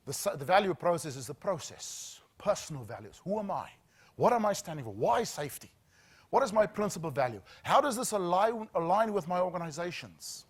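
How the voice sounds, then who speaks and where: A middle-aged man, telling a story as a safety trainer, with earnest dramatic pauses that drop to a hush. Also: high voice, expressive, slightly rough.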